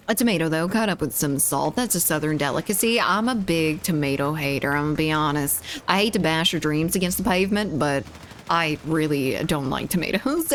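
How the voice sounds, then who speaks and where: This woman's voice sits fairly low, and there's a slight hiss or hum in the recording. While live-streaming a shooter game, she keeps up a playful chat with her audience, teasing them and reading their messages aloud.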